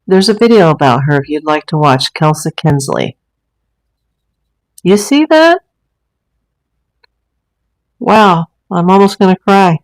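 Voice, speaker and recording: A woman with a somewhat low voice hosts a casual livestream from her room at home. She rambles along in a chatty way, full of fillers and restarts, speaking straight to her viewers. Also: sing-song, slow, pauses often, low-quality recording. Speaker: livestream host. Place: home room with a green screen and ring light.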